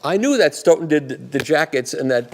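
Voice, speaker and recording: An older man speaking live to an audience, answering questions with rambling, animated anecdotes. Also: a little high, brisk.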